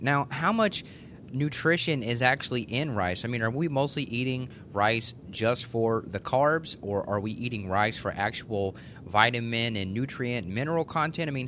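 A man hosting a podcast who asks eager, lively questions in casual chat. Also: medium pitch, a little hiss or hum. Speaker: host.

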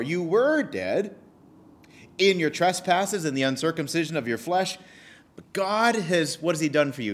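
Lively, emphatic male preacher. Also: fairly high pitch. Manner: animated, emphatic preaching with pauses and repetition. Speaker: pastor. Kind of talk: sermon.

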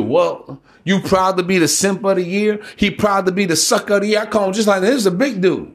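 A man's voice: high-pitched, fairly quick, few pauses. A man hosting a solo podcast, ranting in a blunt, preachy, profane way. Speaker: podcast host.

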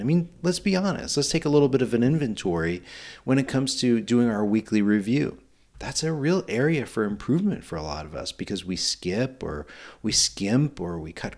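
Middle-aged male podcast host, slightly low voice, earnest encouraging delivery. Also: darkish tone. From Pennsylvania. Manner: earnest, encouraging, rhetorical questions. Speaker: podcast host, nonprofit executive director. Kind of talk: solo podcast monologue.

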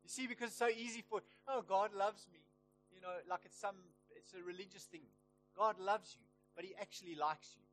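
Guy preaching in church, kinda high voice, gets loud and fired up, soft music under it. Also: a little fast, low-quality recording. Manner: impassioned, rising to loud emphatic peaks. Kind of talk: sermon.

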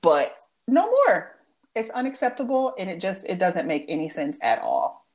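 Low-voiced woman, earnest chat. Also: huge pitch swings, normal speed, a little mellow. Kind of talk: casual chat between friends.

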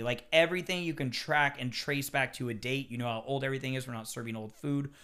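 Animated, foul-mouthed chef in casual chat. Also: male voice, mid-range voice, fast talker, hardly any pauses, clear, resonant tone. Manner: animated, swears freely, acts out kitchen quotes.

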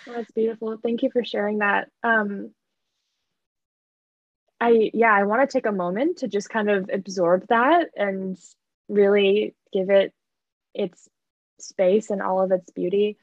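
Slow, gravelly-voiced woman host. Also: mid-range voice, fairly even intonation, dry recording. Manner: warm, gushing, slow and halting. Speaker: podcast host. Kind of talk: interview conversation. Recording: dull, dry lo-fi audio.

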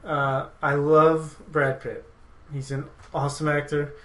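A man's voice: on the high side, little pitch movement, unhurried, poor audio. A man hosting a movie podcast, chatting casually and rambling through his opinions with frequent laughs. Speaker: podcast host.

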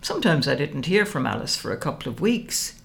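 A woman reading a first-person novel aloud, wry and expressive. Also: low-pitched, fairly quick, gravelly. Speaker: audiobook narrator.

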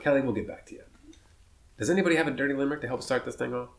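A man hosting a casual podcast, joking and talking fast with some swearing, on rough amateur audio. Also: medium pitch, echoey room, slight background noise. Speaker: podcast host.

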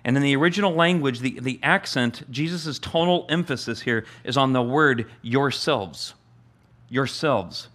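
A male pastor preaches at an easy, middling pitch, talking more than declaiming. He often stumbles and restarts, repeating words as he builds a point, and his delivery is plain and unpolished. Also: brisk, hardly any pauses, fairly bright tone. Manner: acts out the master's amused voice with a higher pitch. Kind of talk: sermon.

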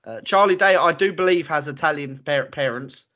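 A man co-hosting a podcast speaks at a moderate pace with a slightly high voice and sharp tone. In casual chat he's opinionated, ranting and laughing often. The audio is lo-fi and muffled.

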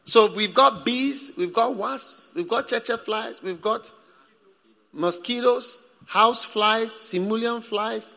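Man, preacher, slow sermon delivery, gravelly bright voice, long hall reverb. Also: sits high. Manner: lively, joking with the congregation. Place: church hall.

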